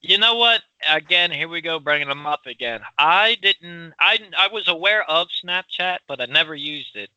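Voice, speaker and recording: A man from Philadelphia with a Philly accent, co-hosting a casual chat, loud and rambling with frequent laughs. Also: on the high side, animated, normal speed, hardly any pauses, no room sound, poor audio. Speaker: podcast co-host.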